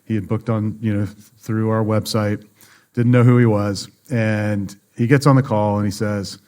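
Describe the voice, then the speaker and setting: A man with a fairly low voice talks easily on a podcast, recorded at a conference. He tells business stories and acts out the voices of the people in them. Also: steady tone, normal speed, a little mellow. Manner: storytelling, acts out quoted dialogue. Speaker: book publishing guest. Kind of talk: conversational podcast interview. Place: conference venue.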